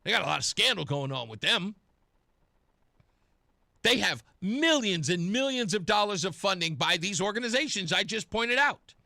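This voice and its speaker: A man's voice: sits high, animated, moderate pace, gravelly, sharp tone, dry recording, studio quality. A man hosting talk radio, giving sarcastic, indignant political commentary.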